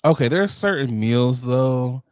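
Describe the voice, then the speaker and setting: Animated laughing podcast guy. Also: medium pitch, unhurried, clear, resonant tone, no room sound, clean studio sound. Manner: laughs through his words, animated storytelling. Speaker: podcast co-host. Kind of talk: casual podcast chat.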